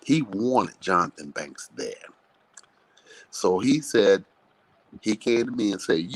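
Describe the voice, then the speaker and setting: Boxing trainer guy w a low husky voice, blunt and salty, telling stories on a live show. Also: slow, pauses often, rough recording. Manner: animated, blunt, profane storytelling.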